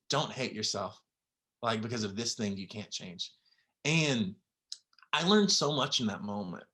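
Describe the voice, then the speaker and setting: A young man telling a personal story on a podcast, halting with many fillers and close to tears. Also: medium pitch, bright, forceful tone. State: near tears. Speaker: podcast guest.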